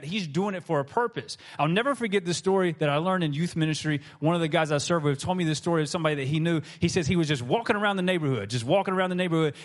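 A man preaching a sermon to his congregation, telling stories with lively acted-out quotes. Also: fairly high pitch. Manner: animated storytelling, acts out quoted voices. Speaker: pastor.

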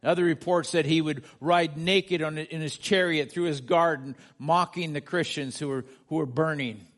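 Earnest preaching man, higher-pitched. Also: steady tone, normal speed, a bit bright. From United States. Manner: earnest preaching, rising emphatic peaks, asks the congregation. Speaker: pastor. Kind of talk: sermon.

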